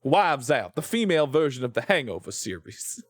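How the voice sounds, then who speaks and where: A man's voice: mid-range voice, big pitch swings, brisk, no echo. Chatty, swearing male streamer, dry sound. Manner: chatty, rambling, playful, swears freely. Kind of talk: casual live-stream chat while gaming.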